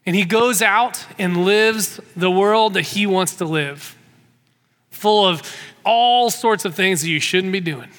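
High bright-voiced male preacher. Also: slow pace, in a large hall. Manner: storytelling, repeats words when restarting. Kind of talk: sermon.

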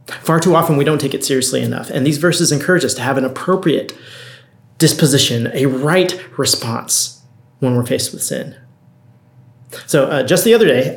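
A man in his thirties delivers a sermon in an earnest, storytelling way, with a gravelly edge to his voice. He often doubles back on his words as he preaches. The room around him rings with echo. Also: mid-range voice. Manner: earnest, storytelling, frequent restarts. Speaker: pastor. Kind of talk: conversational sermon. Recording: roomy echo.

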